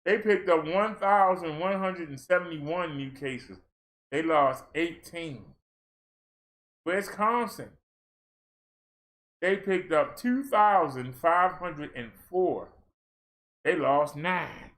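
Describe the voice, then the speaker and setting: On a casual livestream, this Maryland fitness streamer rattles through a long run of daily numbers, cutting in with exclamations and playful remarks. He speaks slowly, pausing often, with a high, fairly bright voice and lively intonation.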